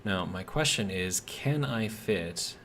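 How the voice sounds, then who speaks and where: A man with a Midwestern American accent talks over his game in a low-pitched, easygoing voice. He rambles from task to tangent, leaning on "like" and puzzled asides. Faint keyboard clatter sits behind him. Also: lively intonation, takes it slowly, fairly bright tone, a little hiss or hum. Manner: rambling, filler-heavy, bemused asides. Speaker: game streamer. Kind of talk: casual gameplay commentary.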